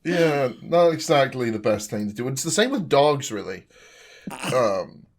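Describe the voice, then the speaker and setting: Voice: medium pitch, sing-song, a little slow. A podcast co-host chatting casually, playful, slipping into sing-song baby talk when quoting. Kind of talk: casual chat.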